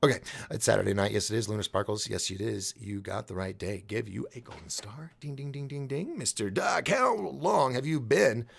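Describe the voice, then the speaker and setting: A man's voice: fairly low pitch, animated, normal speed, gravelly, few pauses, fairly bright tone, slightly rough. A man hosting a live stream in casual chat, rambling and restarting as he reads the chat aloud.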